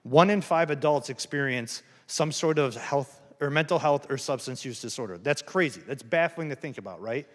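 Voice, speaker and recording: A man of medium pitch and lively intonation speaks at normal speed with hardly any pauses, his tone a bit bright. He's a recovery speaker at a campus event, offering a candid, earnest, self-deprecating personal testimony in plain words, with hall reverb around him.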